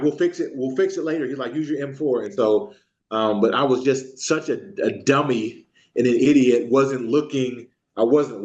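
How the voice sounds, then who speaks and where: A man, an Army veteran, recalling his service in an oral history interview, halting with frequent ums and restarts. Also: medium pitch, darkish tone. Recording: echoey room, dull lo-fi sound.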